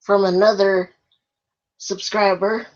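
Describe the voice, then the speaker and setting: A woman's voice: mid-range voice, level tone, takes it slowly, dull audio. A woman vlogger answering viewer questions in a casual chat, often breaking into laughter.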